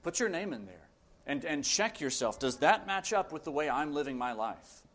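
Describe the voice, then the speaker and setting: A man's voice: fairly high pitch, sing-song, normal speed, a bit bright. A man preaching a sermon, reading scripture aloud and pressing his points with earnest, emphatic repetition.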